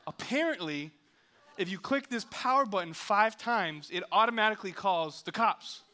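High, bright-voiced hyped young preacher man. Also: normal speed. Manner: hyped, joking, animated storyteller. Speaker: youth pastor. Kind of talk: energetic sermon storytelling.

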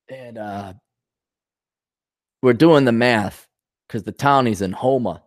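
Animated profane male podcast host. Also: mid-range voice, slow pace, long pauses, no room sound, clean studio sound. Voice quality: profane, swears freely. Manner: animated, jokes and acts out voices of others. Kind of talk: casual storytelling monologue.

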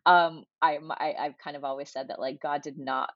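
A woman in her forties, a guest telling a personal story in a chatty, animated way with lots of fillers. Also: sits low, normal speed, no echo, lo-fi sound. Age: 40s. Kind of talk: casual conversational interview.

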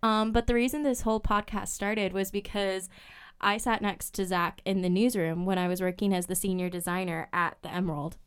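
Smooth-voiced young woman podcast host. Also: mid-range voice, fairly even intonation, a little fast. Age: young adult. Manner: chatty, storytelling, emotional. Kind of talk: casual podcast chat.

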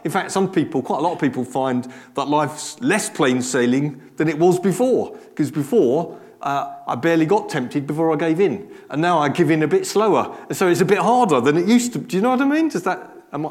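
A man's voice: a little high, big pitch swings, a little fast, hardly any pauses, darkish tone. A man preaching a conversational sermon, chatty and self-deprecating with frequent restarts and asides.

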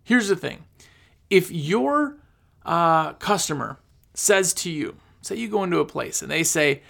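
A man's voice: a little high, expressive, measured pace, creaky, a bit bright. A man giving casual, rambling business advice, repeating himself and acting out his customers. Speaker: cleaning business coach. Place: recording on his phone.

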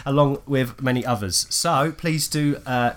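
A man's voice: medium pitch, unhurried. A man co-hosting a podcast, reading listener questions in a laid-back, chummy way. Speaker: podcast co-host.

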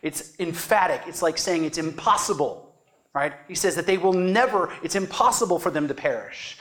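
A man's voice: fairly high pitch, lively intonation, normal speed, a bit bright. Earnest preacher man, emphatic teaching. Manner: earnest, emphatic, stresses key words and asks "right?". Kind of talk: sermon teaching.

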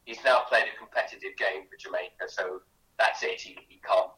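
Bright-voiced man telling stories, echoey room. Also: deep voice, fairly quick, recorded from a distance. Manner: chatty anecdotes with many restarts. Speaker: author and guest. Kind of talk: animated storytelling in a radio interview.

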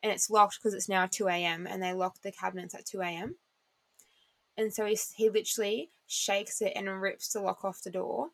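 A young woman co-hosts a chatty podcast, spinning stories with plenty of "like" and the odd swear word. Her mid-height voice has a gravelly, vocal-fry edge. The sound is dry and close to the mic. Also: mid-range voice, moderate pace, no echo. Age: 20s. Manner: animated storyteller, swears casually, many fillers. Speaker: podcast co-host. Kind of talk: casual chat.

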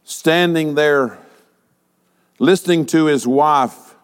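A male pastor delivering a sermon, asking rhetorical questions and using dramatic pauses. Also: fairly high pitch, clear, resonant tone, in a large hall.

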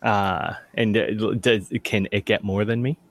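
A man playing a tabletop game, hesitant and full of restarts, getting excited about his dice rolls. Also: fairly low pitch, measured pace, no room sound. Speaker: player. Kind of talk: casual game chat.

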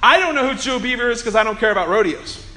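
A man preaching a Sunday sermon, telling humorous, chatty stories and slowing down to press points home. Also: very high voice, animated, sharp tone. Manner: earnest preaching with slow emphasis. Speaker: pastor.

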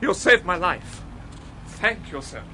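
A man's voice: sits high, lively intonation, sharp tone, a little hiss or hum, heavily acted. An actor playing a frightened, grateful waiter in a radio play, who pleads and stumbles over his words. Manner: pleading, halting, repeats words.

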